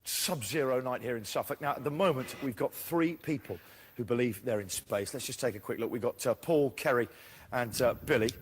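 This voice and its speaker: A man's voice: medium pitch, brisk, a little hiss or hum. A man with a British accent presenting a TV show in an upbeat, wry way. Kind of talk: scripted TV presenting.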